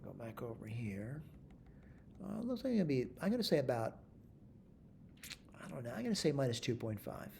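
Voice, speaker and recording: A man with a mellow, dark voice walks through a math problem on screen. He thinks aloud and corrects himself as he goes, checking in with "all right?", with a middling pitch. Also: big pitch swings, brisk, creaky, pauses often, a little hiss or hum. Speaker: math instructor. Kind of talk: screen-recorded math tutorial.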